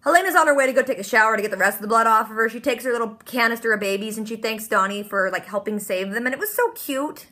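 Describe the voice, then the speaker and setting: A woman hosting a casual TV episode recap, animated and bubbly, quoting characters with "like". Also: fairly high pitch, fast, hardly any pauses.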